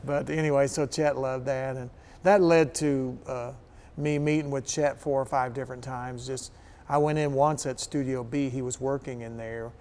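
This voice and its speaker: A man's voice: mid-range voice, normal speed, slight background noise. A middle-aged man from Kentucky, a guest musician, telling stories in a casual interview and acting out the voices of the people in them. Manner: animated anecdotes, acts out quoted voices.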